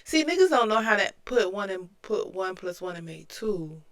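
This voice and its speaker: A woman's voice: mid-range voice, very animated, moderate pace. A woman commentary host reacting to a clip, reasoning it out step by step in disbelief.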